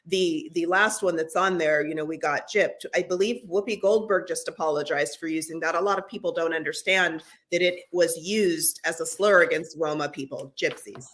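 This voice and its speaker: A woman's voice: low-pitched, moderate pace, few pauses, a bit bright. A middle-aged woman co-hosting a podcast, talking earnestly in casual conversation with frequent restarts. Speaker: podcast co-host.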